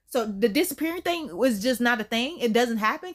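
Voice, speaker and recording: A high-voiced woman recaps a film in a loose, chatty way. She talks with animated slang and frequent laughs. Her voice sits noticeably high for a woman. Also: a little fast. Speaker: YouTube film reviewer. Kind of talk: casual movie recap.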